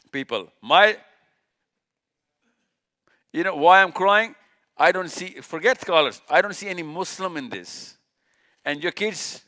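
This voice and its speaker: A man lectures live in an event hall, his voice on the high side and pushed bright. Using a clicker to advance slides, he speaks emphatically, repeating key words and answering the rhetorical questions he asks.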